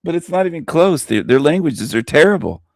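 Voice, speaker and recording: A man's voice: a little high, lively intonation, fairly quick, darkish tone, no room sound, clean studio sound. A man hosting a radio show, delivering an opinionated monologue with emphatic repetition and frequent chuckles. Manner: emphatic, repeats himself, chuckles between lines.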